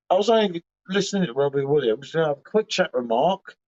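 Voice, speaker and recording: A man's voice: on the high side, animated, moderate pace, a little mellow. A man chatting casually on a beer livestream, sweary and laddish in his banter. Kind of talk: casual chat. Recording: muffled lo-fi livestream audio.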